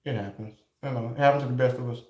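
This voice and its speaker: A male livestream host who talks straight to his chat in an excitable, casual way. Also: mid-range voice, very fast, reverberant.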